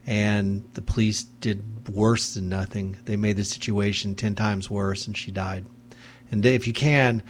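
A man's voice: on the low side, a little hiss or hum. Indignant male radio host ranting. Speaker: radio talk show host. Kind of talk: impassioned radio monologue. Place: radio studio.

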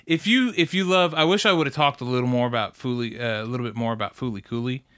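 Male podcast co-host, bright and smooth voice, relaxed but enthusiastic. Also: mid-range voice, fast. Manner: enthusiastic, laid-back, stumbles over words. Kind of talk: casual chat.

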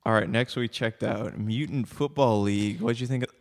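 A man's voice: fairly low pitch, moderate pace, in a large hall. A man co-hosting a casual podcast, trading dry, teasing quips while hiccuping. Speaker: podcast co-host.

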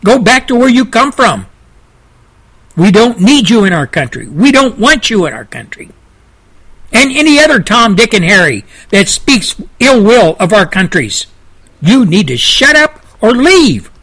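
Ranting high-voiced talk-radio man. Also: big pitch swings, unhurried, slightly rough, rough recording. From Southern United States. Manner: preachy, ranting, swings between shouting and low intensity. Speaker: radio show host. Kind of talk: fiery talk-radio monologue.

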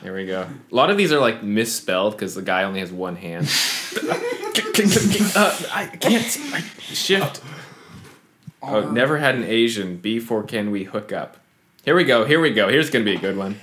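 A man's voice: sing-song, normal speed, fairly bright tone, slight background noise. A man co-hosting a casual podcast, joking and slipping into silly impressions. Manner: jokey, breaks into silly high impressions. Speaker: podcast co-host.

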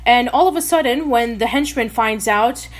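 Female podcast co-host, slightly high voice, long easygoing plot recaps. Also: moderate pace. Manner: recaps plots at length with fillers. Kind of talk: casual podcast chat.

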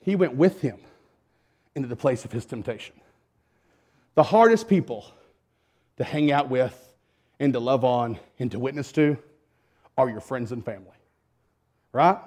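A male preacher telling a story in a sermon. He speaks emphatically and swings between loud and hushed. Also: mid-range voice, lively intonation, a little slow, long pauses.

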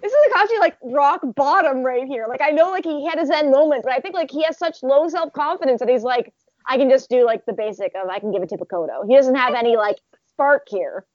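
Animated high-voiced woman on a podcast. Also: fast, dry recording. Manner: animated, acts out character lines, laughs often. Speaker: podcast co-host. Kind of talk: casual chat recapping manga chapters. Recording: dull lo-fi dry sound.

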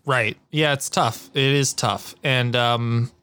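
A man co-hosting a podcast in casual, joking chat, animated and profane. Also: mid-range voice, takes it slowly, clean tone, no echo. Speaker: podcast co-host.

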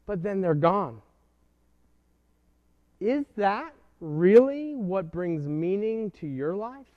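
Slow, earnest male preacher, dull lo-fi sound. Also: high-pitched, sing-song. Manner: earnest, pausing, rhetorical questions. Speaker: pastor. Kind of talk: sermon. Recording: dull lo-fi recording.

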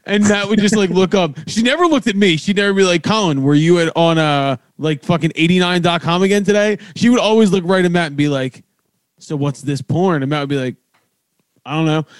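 Casual podcast host, male, profane storyteller, higher voice, dry mic. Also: fast talker, few pauses, clear, resonant tone, no room sound. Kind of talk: casual chat.

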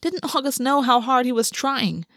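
A woman narrating a work of fiction in an audiobook reading, measured and slowing on the emotional beats. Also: high-pitched, lively intonation, a bit bright, no echo, clean studio sound.

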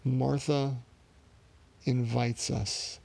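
A man preaching a sermon in an earnest, reflective way, pausing and restarting as he works through his thoughts. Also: medium pitch, little pitch movement, gravelly, dark tone.

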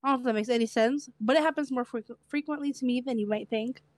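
A young woman co-hosting a casual podcast chat, speaking with a slight stutter and a lisp, chatty and quick to laugh. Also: a little high, no room sound. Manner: chatty, quick to laugh, repeats herself when tired. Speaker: podcast co-host.

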